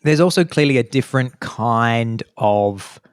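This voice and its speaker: A man's voice: medium pitch, a little slow, clear, resonant tone, dry recording, studio quality. A man co-hosting a podcast, chatting casually and acting out the people he quotes. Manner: animated storyteller, acts out quotes. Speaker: podcast co-host. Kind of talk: casual chat.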